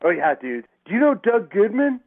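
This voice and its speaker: Here a male guest on a podcast chats casually in a high, sing-song voice at normal speed. His stories ramble and turn profane, with quotes acted out amid lots of swearing, all heard through a tinny phone-style connection.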